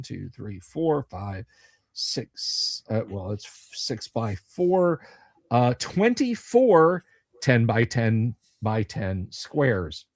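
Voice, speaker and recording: Slow, halting man running a tabletop game. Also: medium pitch, no room sound. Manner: halting, many ums, deliberate descriptions. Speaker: dungeon master.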